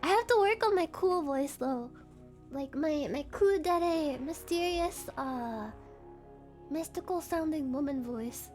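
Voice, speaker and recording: A woman streamer chatting loosely with her viewers, rambling and giggly, with "like" dropped everywhere. Her voice is very high and she takes her time. Faint music sits behind her. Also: expressive, takes it slowly, darkish tone. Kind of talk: casual live-stream chat.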